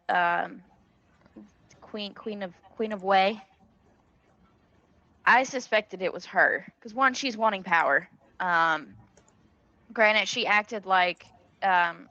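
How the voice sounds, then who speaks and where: Slow, unsure woman player, dull dry sound. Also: medium pitch, steady tone, bright, forceful tone, dry recording. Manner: unsure, thinking aloud.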